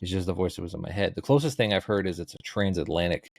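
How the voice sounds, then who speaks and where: A man's voice: sits low, fast talker, creaky, no echo. A middle-aged man, a podcast guest, telling rambling stories with dry, laid-back jokes. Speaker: guest, social media comedian. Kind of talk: casual interview chat.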